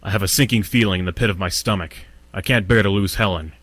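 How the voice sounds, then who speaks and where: A man's voice: low voice, fast talker, fairly bright tone, no room sound. An actor playing a betrayed young man who narrates his own story in first person in a video game. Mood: anxious.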